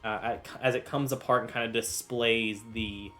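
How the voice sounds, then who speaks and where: A man's voice: mid-range voice, fairly even intonation, normal speed, a bit bright, soft background music. A man serving as game master, narrating combat and patiently explaining rules between filler uhs. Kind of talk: narrating and refereeing a tabletop game.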